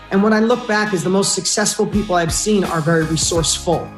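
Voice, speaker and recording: A man's voice: sits high, fairly quick, few pauses. A man speaking as a podcast guest, talking in an emphatic, blunt and earnest way. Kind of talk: casual interview talk. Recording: roomy with music behind. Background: music.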